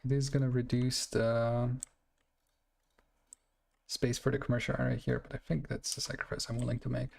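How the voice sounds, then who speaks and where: Gravelly young man rambling over a game. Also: medium pitch, little pitch movement, moderate pace, long pauses, darkish tone. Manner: rambling, self-correcting, laughs at himself. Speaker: streamer. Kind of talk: casual gameplay commentary.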